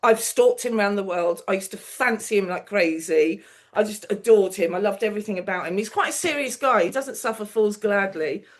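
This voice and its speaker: A woman's voice: medium pitch, a little fast. A middle-aged woman, a television producer on as a guest, telling anecdotes in a casual chat, laughing often and acting out the people she quotes.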